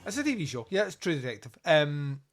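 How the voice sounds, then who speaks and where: A man's voice: fairly high pitch, big pitch swings, brisk. A Scottish man hosting a podcast in loose, jokey chat, rambling and laughing often. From Scotland. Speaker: podcast host.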